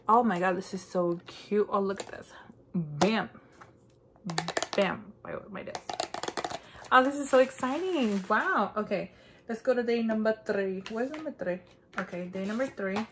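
A woman's voice: a little high, a little hiss or hum. A woman vlogging casually as she unboxes an advent calendar at her desk, gasping and exclaiming over each item. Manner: excitable, gasping and exclaiming while unwrapping. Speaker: beauty vlogger. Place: indoors at a desk.

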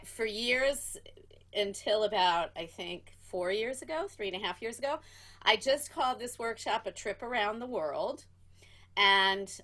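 A woman leading a teachers' workshop over a video call, singing a slow, repetitive children's song with her guitar, then talking loosely with many fillers. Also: medium pitch, sharp tone. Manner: sings slowly with repeated echo lines, then chats loosely with fillers. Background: her own acoustic guitar.

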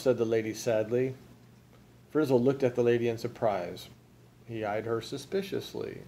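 Man, dad, reading a picture book aloud, asks the kids questions, mellow tone. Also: medium pitch, vocal fry. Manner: storytelling, pausing to ask the listener questions. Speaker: father.

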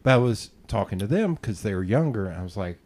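A male podcast host with a low, warm, mellow voice, talking in a loose and casual way. He rambles through personal stories, curses freely and jokes at his own expense. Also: big pitch swings, fast. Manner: rambling, profane, self-deprecating storytelling. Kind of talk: casual interview chat.

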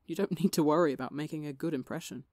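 A woman's voice: low-pitched, fast talker, no echo, studio quality. A woman reading as a teasing, easygoing young man. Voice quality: slightly gravelly. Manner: teasing and relaxed. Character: teasing, easygoing young man, warm older-brother type.

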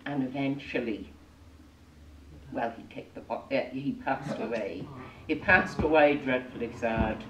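A woman's voice: extremely low pitch, unhurried, background noise. A woman telling a story live to children, playful and full of jokey asides. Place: arts centre room with audience. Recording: echoey room, mic at a distance.

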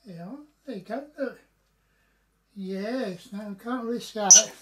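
A woman's voice: mid-range voice, measured pace, heavy background noise. A woman filming at home, talking fondly to her pets in coaxing baby-talk. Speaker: home video maker. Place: at home indoors.

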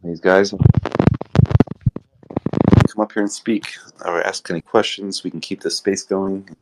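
Very deep-voiced man hosting casual chat. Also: unhurried, heavy background noise. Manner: relaxed, rambling, filler-heavy talk. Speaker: host of a live audio chat room. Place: Thailand.

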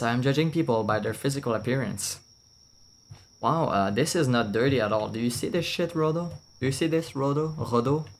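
Guy streaming a game, kinda low voice, swears a lot, laughs a bunch, bit of hiss. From France. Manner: blunt and swearing, laughs often. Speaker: VTuber streamer. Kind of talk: casual gameplay commentary.

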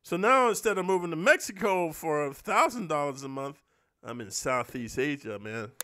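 A man's voice: on the high side, lively intonation, normal speed, sharp tone. A man talking straight to his viewers in a loose, profane vlog rant, swearing constantly and tagging lines with "bro" and "man.". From United States. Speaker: stunt performer and vlogger. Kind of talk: casual profane monologue to camera.

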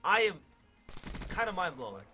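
Young male gaming commentator, high bright voice, loud and boastful. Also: sing-song, a little slow, a little hiss or hum. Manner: hyped, cocky, swears a lot, sudden yells. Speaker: gaming YouTuber. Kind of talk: gameplay commentary.

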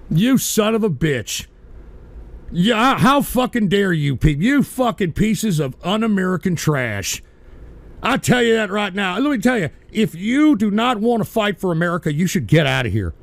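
A man hosting a live-streamed radio show, ranting angrily at his chat in an aggressive, profane, yelling manner. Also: high-pitched, sing-song, normal speed, gravelly, no echo. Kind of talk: angry ranting monologue at chat.

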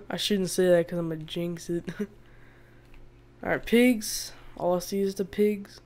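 A woman's voice: on the low side, steady tone, slow, darkish tone. A woman giving casual, chatty let's-play commentary as she plays a survival game, laughing often and bursting out in exasperation at the animals. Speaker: gaming video host.

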